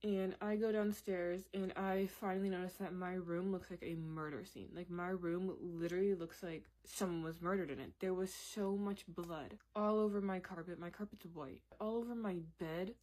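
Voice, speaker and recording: Woman telling a story time, slightly low. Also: fairly even intonation, normal speed, hardly any pauses, a little mellow. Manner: candid, conversational, laughs while telling.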